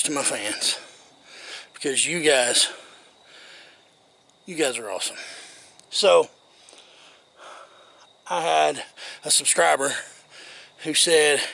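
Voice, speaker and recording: A man's voice: fairly high pitch, gravelly, pushed and bright. A man vlogging in a casual, folksy and earnest way, out of breath after working. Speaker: outdoor vlogger. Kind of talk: casual vlog talk.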